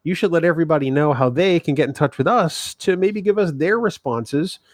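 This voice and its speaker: A man's voice: on the high side, brisk, dry recording, studio quality. A man co-hosting a podcast, teasing and laughing easily in casual banter. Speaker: podcast co-host.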